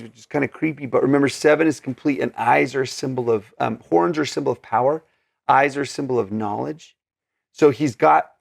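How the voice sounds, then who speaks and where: A man's voice: medium pitch, gravelly, dry recording. A man teaching scripture in an earnest, conversational way, with many fillers and restarts. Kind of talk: casual scripture study talk.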